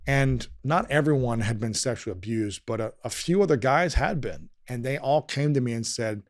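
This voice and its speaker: A man's voice: mid-range voice, lively intonation, dry recording, clean studio sound. Earnest man telling a painful story. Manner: earnest, emotional, often drops quiet and slows down. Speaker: podcast guest. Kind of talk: personal storytelling in conversation.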